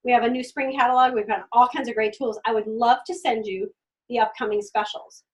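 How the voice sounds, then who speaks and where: High-voiced woman coaching with energy, mic far away. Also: fairly quick. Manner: energetic, acts out customer dialogues; repeats phrases for emphasis. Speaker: direct sales trainer. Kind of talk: sales training talk. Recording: voice from a distant mic.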